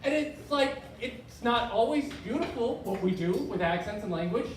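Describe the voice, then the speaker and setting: Self-deprecating male stand-up in his thirties, lively pitch, echoey venue from far off. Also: normal speed. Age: 30s. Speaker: stand-up comedian. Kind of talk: live stand-up set. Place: live comedy venue. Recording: echoey room from far off, crowd noise.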